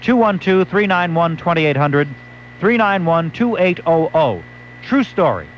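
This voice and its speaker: A man's voice: on the high side, big pitch swings, unhurried, slight background noise. A male late-night radio host, telling a wry story and acting out quotes. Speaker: radio talk show host. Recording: dull lo-fi AM radio recording.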